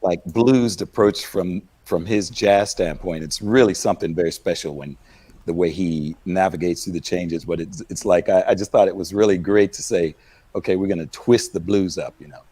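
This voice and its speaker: A man speaking enthusiastically and in a measured way as a guest musician in a casual panel chat, talking over a video call from home. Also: deep voice, warm tone, slightly rough.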